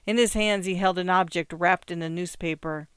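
Smooth, dry storybook narrator. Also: medium pitch, dry recording. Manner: measured, expressive. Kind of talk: storybook reading.

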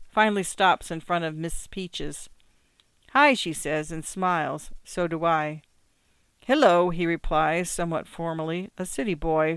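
A reader narrating literary short stories in a calm, measured way. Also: medium pitch, clear, resonant tone, no echo. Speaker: audiobook reader. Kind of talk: scripted short story narration.

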